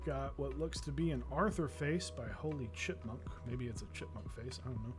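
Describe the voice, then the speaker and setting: A man's voice: mid-range voice, moderate pace, music in the background. A man hosting a casual live stream about building a keyboard. He tells stories in a rambling, chatty way and greets viewers in the chat.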